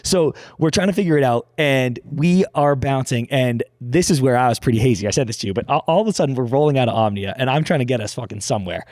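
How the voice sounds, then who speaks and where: A man's voice: medium pitch, expressive, fast talker, hardly any pauses, darkish tone, dry recording, clean studio sound. A hungover man co-hosting a podcast, telling a rambling, profane story in casual banter. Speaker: podcast co-host.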